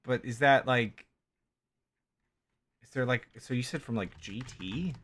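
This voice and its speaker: Brief: male streamer, bright voice, slow and rambling, laughing between half-finished sentences. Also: mid-range voice, a little hiss or hum. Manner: rambling, self-interrupting, laughs a lot. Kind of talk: casual livestream commentary.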